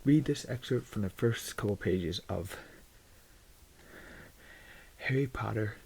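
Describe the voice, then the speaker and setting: A man chatting casually to his YouTube audience in a soft-spoken, rambling, self-deprecating way. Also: lowish voice, slow, gravelly, slightly rough. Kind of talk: casual vlog chat.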